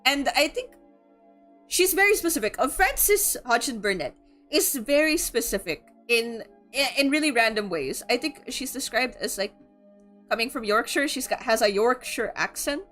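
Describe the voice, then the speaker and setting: A young woman from the Philippines talks casually about a novel, full of fillers and quick laughs. Her voice sits a little high, and soft music plays faintly underneath. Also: animated. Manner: chatty, laughing, filler-heavy. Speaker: streamer. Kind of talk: casual book discussion.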